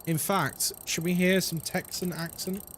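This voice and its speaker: A man streaming live and chatting casually with viewers, animated and swearing freely. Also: high-pitched, measured pace, slight background noise. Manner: animated, swears freely, drops into mock voices.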